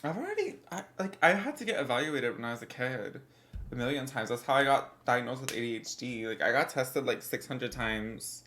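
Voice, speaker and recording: A woman's voice: rumbling low, expressive, brisk, fairly bright tone, slight background noise. A young woman in her twenties, a bit congested, rambling casually as she answers her livestream chat.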